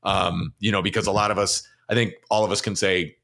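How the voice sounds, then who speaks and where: A man with a very low but bright voice speaks casually as a podcast host, moving to the next topic with plenty of ums. He sounds relaxed and unhurried. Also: gravelly. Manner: relaxed segment wrap-up, many ums. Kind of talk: casual chat.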